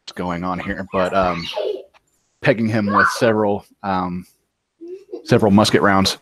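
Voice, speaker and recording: A man describing his character's moves in a tabletop role-playing game, pausing often with hesitant fillers. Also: sits low, fairly even intonation, a bit bright, a little hiss or hum. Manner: halting, many ums. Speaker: player.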